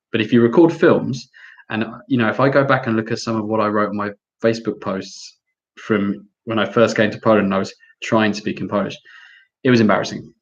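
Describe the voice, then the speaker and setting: A man with an English accent answering viewer questions in a lively, chatty live Q&A, reading each question aloud before answering. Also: fairly low pitch, highs cut off. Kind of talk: casual live Q&A.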